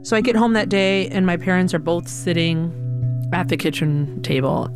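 A woman telling a personal story in an animated, conversational way, with many casual fillers. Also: fairly low pitch, moderate pace, music in the background. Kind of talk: personal story told to an audience.

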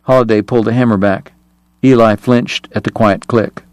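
A man hosting a radio book reading, narrating in a measured, expressive way. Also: lowish voice, no echo. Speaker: radio book reader and host. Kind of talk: dramatic audiobook reading on radio.

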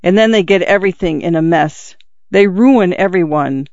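A man's voice: sits high, normal speed, darkish tone, no echo, lo-fi sound. A man voicing a wounded, dying middle-aged father who speaks earnestly and urgently to his son while out of breath. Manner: urgent, confiding, pleading. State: in pain, out of breath.

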